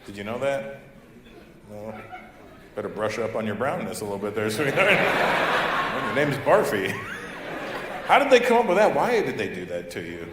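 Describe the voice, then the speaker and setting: A man's voice: on the low side, very animated, moderate pace, long pauses, very noisy. A man doing crowd work at a live comedy show, chatting with and teasing an audience member. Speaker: stand-up comedian. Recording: large echoey hall, loud crowd ambience.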